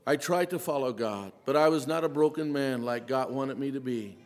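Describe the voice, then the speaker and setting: A man giving an emotional sermon testimony, his delivery swinging from quiet and low to urgent, pleading intensity. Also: moderate pace. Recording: long hall reverb.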